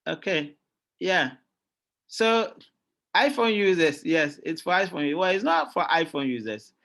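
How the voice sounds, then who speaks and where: A middle-aged man with a Ghanaian accent, giving a lively classroom lecture as a university lecturer and often checking in with his students. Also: fairly high pitch, unhurried. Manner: lively, keeps checking in with "all right?" and quizzing students.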